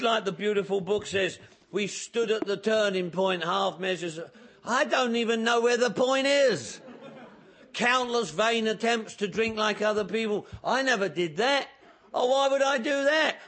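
A man speaking at a recovery meeting, telling his own story with humor and acting out the dialogue. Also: high voice. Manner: lively storyteller who acts out dialogue and jokes about himself. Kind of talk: humorous personal testimony to an audience.

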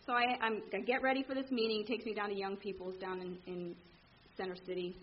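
A woman telling her recovery story to a meeting, candid and animated, acting out the people in it. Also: medium pitch, fast talker, highs cut off, a little hiss or hum. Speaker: speaker sharing at a recovery meeting. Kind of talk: personal story told to a meeting.

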